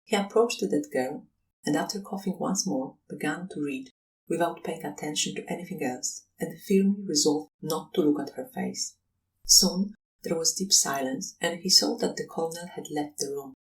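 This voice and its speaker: Audiobook narrator, mid pitch, measured telling, distant faint-hiss recording. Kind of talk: scripted narration.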